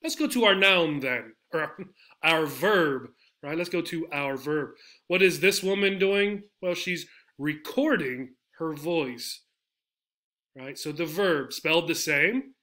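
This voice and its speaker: A man's voice: on the high side, lively intonation, slow pace, pushed and bright. A man teaching an English pronunciation lesson, speaking patiently and repeating each model word several times. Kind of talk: slide-based pronunciation lesson.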